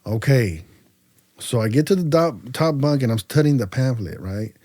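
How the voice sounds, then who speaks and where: A man from California's Central Valley tells his story as a podcast guest, with a mellow, relaxed tone. He talks in a loose, slangy way and acts out the dialogue with plenty of fillers. The sound is close and dry. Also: mid-range voice, moderate pace, no echo. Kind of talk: casual storytelling interview.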